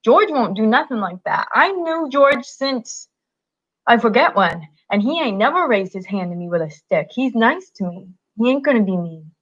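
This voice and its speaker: A woman's voice: on the high side, animated, normal speed, voice pushed up. A woman voicing a simple-minded, childlike big man who pleads in a raised voice, in a slightly muffled recording. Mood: belligerent.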